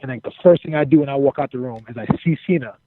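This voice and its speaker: A man's voice: medium pitch, rapid-fire, no echo, narrow, tinny audio. A man telling a backstage story casually and animatedly, acting out quotes and swearing freely. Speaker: interview guest, former wrestler.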